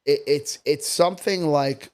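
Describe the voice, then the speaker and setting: Brash, profane male comedian, voice sits a little high, rambling guest talk. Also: fairly even intonation, unhurried. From Staten Island, New York. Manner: brash, profane, jumps between topics. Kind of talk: casual podcast chat.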